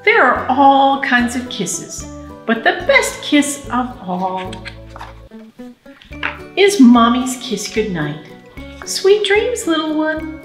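A woman with a high, bright voice that rises and falls widely reads a picture book to babies and their grown-ups. She speaks slowly and in a sing-song way, like a children's librarian at storytime. The room around her has a noticeable echo. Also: expressive, soft background music. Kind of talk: baby storytime reading and singing.

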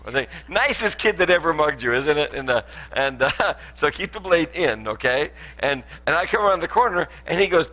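A man's voice: a little high, big pitch swings, normal speed, pushed and bright, poor audio. A man, a pastor giving a playful sermon with a live demonstration, joking and laughing often with lots of restarts, in a church auditorium.

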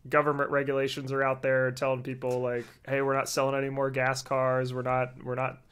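A man co-hosting a podcast who explains things in a relaxed, casual way, with plenty of fillers. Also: medium pitch, fairly quick, clear, resonant tone. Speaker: podcast co-host. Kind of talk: casual chat.

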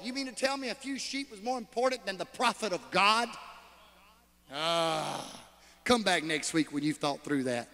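High, bright-voiced preacher shouting. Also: male voice, expressive, normal speed, big-room sound. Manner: swings from shouting to hushed asides; calls out to the congregation. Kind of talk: sermon.

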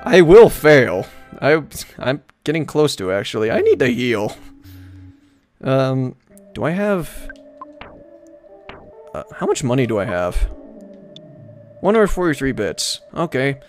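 A man's voice: medium pitch, big pitch swings, unhurried, pauses often, faint music behind. Joking man streaming a game. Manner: joking, rambling, mild swearing. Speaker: let's-play streamer. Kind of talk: casual live gameplay commentary.

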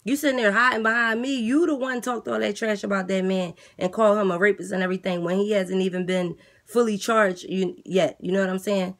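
A woman playing a weary jail guard who relays messages in a flat, matter-of-fact way. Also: medium pitch, fairly quick, natural voice. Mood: scolding. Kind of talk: comedy skit character voice.

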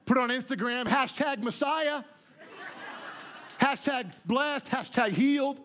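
A man's voice: very high-pitched, slow, sharp tone, a faint crowd, a little hiss or hum. A man pastor preaching a conversational, emphatic sermon to his church. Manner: conversational, emphatic, repeats words when starting a phrase. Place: church sanctuary.

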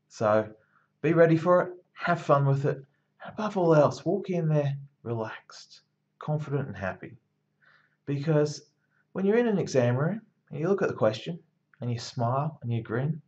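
A man at a middle pitch delivers a university lecture like a pep talk, stacking repeated phrases. He pushes his points with steady emphasis. The recording sounds dull and lo-fi.

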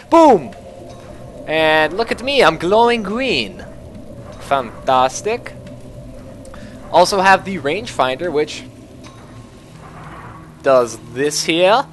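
A man hosting a gameplay video, talking through his game in a joking, self-mocking way with sudden excited yelps. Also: on the high side, slight background noise. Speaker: gaming video host. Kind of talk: gameplay commentary.

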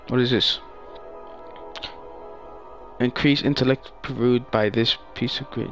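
A man's voice: mid-range voice, fairly even intonation, slow pace, long pauses, soft background music. A man narrating his own online gameplay, swearing, taunting opponents and ranting in frustration. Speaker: gamer playing online. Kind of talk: live gameplay commentary. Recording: noisy gameplay capture.

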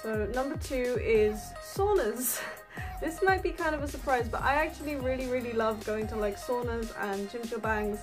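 Woman, high voice, casual vlog storytelling, rambling and chatty, faint music behind. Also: moderate pace. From England. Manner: chatty, rambling, lots of fillers and laughter. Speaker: vlogger.

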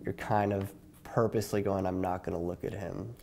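A male host asking interview questions in an upbeat, quick manner. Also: sits low, fairly even intonation, gravelly, darkish tone, slight background noise.

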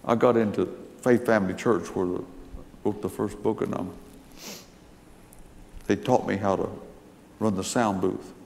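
A man's voice: on the low side, fairly even intonation, unhurried, creaky, pauses often, darkish tone, slight background noise. An older man preaching, telling stories in a folksy, emphatic way. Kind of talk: sermon storytelling. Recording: long hall reverb.

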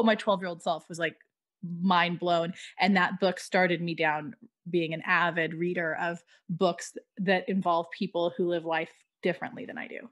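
A woman hosting a podcast interview, chatting casually and effusively with lots of fillers. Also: on the low side. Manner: effusive, talks with many "like" fillers. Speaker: podcast host.

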